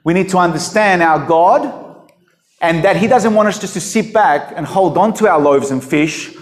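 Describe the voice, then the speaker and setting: A man's voice: high-pitched, normal speed. A man preaching a sermon in a conversational, emphatic storytelling way. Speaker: pastor.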